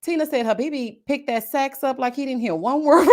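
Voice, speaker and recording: Animated, sassy woman. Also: high-pitched, normal speed, few pauses. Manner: animated, sassy, gossipy and expressive. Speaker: YouTube reality-TV reviewer. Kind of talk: casual live-stream commentary.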